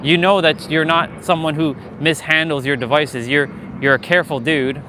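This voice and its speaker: Against a noisy background, a man with a fairly high voice and fairly even intonation talks at a moderate pace. He's walking outside, live-streaming casually through a handheld gimbal camera. His speech is candid and motivational, with frequent swearing.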